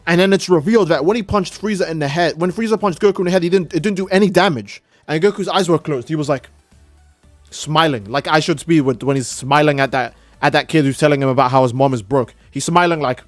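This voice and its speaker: Man, streamer, heated profane rant, somewhat high voice, dry sound. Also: brisk, no echo, faint music behind. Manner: profane, heated ranting with many restarts. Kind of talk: casual live-stream rant.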